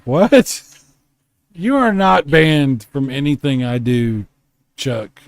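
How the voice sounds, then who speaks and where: A man's voice: on the high side, expressive, slow, no room sound, studio quality. A man hosting a casual late-night stream, drunk, rambling and swearing as he reads chat aloud from home. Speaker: streamer host. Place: home room.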